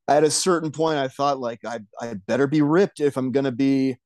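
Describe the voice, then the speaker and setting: A man's voice: medium pitch, moderate pace, no room sound. Hesitant man in dry close sound. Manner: hesitant, many restarts and soft laughs. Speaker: podcast guest. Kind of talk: casual chat.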